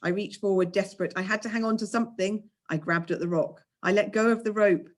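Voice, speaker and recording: A woman, a teacher, reading a children's novel aloud with expressive storytelling. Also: medium pitch, fast.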